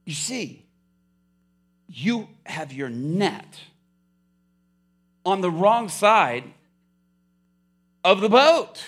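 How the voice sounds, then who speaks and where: A man voicing a calm, gentle teacher who gives simple advice in a soft, low voice. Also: drawn-out words, long pauses, full character voice.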